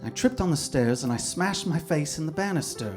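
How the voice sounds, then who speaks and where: A man voicing a prim British woman, a mother of two, in a high put-on voice that climbs into frantic screams. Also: animated, fairly quick, darkish tone, faint music behind, lightly acted. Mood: explaining.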